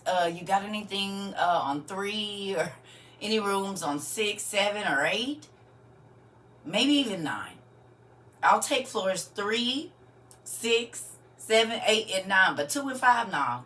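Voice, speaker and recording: Woman livestream host, low voice, chatty and laughing, talks back to the chat. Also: sharp tone. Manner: chatty, laughs often, answers viewer comments. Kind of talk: casual livestream chat with viewers.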